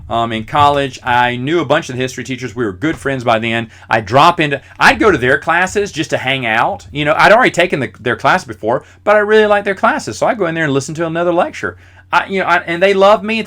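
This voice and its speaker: A middle-aged man hosts his own podcast and spins casual college stories in a single run. His pitch swings up and down with a lot of life, and he acts out the lines of the people in each story. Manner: animated, acts out quoted voices. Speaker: podcast host.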